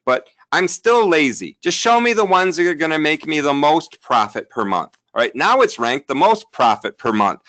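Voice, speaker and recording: A man in his thirties hosting a live sales webinar, upbeat and chatty, talking to the viewers in the chat while he demos software. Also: fairly high pitch, sing-song, normal speed, few pauses. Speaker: webinar host.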